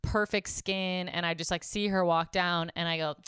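Her lowish, slightly bright voice is smooth and steady at a normal pace, captured in studio quality with no room sound. She's a podcast co-host in her thirties, chatting casually and sharing frank, blunt stories heavy on "like."

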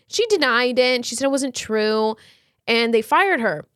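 A woman's voice: on the high side, animated, moderate pace, a bit bright, dry recording, studio quality. A woman co-hosting a podcast, telling a story in casual chat with slang and lots of fillers. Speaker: podcast co-host.

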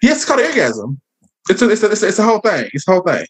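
A man with a high, husky voice talks rapid-fire, his pitch swooping wildly. He's part of a casual group discussion panel, rambling, repeating words as he searches for them, and passing playful judgment.

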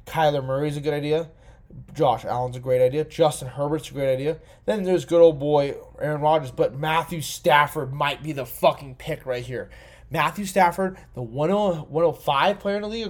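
A young man rambles through a casual solo podcast, a little drunk and swearing freely. His voice sits slightly higher than most men's, and he jumps between muttering and excited outbursts. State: tipsy. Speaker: podcast host.

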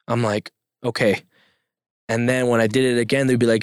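A young man shares his story as a podcast guest, earnest and plain-spoken, breaking into laughs now and then. His voice sits at a middle pitch and sounds dry and close to the mic. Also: flat delivery, brisk, pauses often, smooth, no room sound. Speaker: interview guest. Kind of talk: casual podcast conversation.

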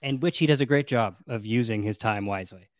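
A man hosting a casual podcast about a book, retelling it in an animated way and laughing often. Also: mid-range voice, a little fast, dry recording. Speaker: podcast host.

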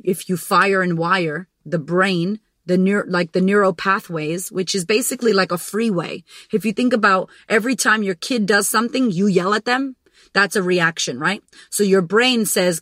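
A woman's voice: lowish voice, dry recording, rough recording. A woman hosting a podcast, talking bluntly and emphatically in a casual monologue, swearing often and acting out her inner voices. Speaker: podcast host.

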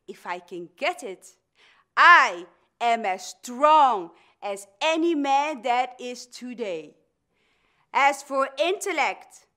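A woman voicing an older woman orator who demands women's rights, declaiming slowly and emphatically with a Dutch-influenced Northern US accent. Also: sits high, sharp tone, exaggerated voice. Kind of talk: dramatic speech reading.

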